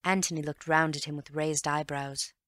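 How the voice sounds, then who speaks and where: A woman with a low voice narrates a mystery audiobook, her scripted storytelling measured and even. The studio recording is clean, with no room sound.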